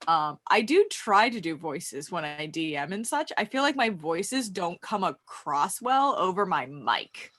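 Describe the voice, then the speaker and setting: Lively Philadelphia-area woman. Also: lowish voice, measured pace, few pauses. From US Northeast. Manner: self-deprecating, giggly storytelling. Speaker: tabletop player. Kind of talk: casual chat.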